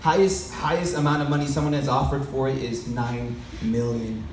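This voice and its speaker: A man's voice: medium pitch, flat delivery, moderate pace, a little mellow. A man giving a sermon-like storytelling talk to an audience, loose and conversational, often asking the crowd questions. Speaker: speaker addressing an audience. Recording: echoey hall, mic far off, faint background noise.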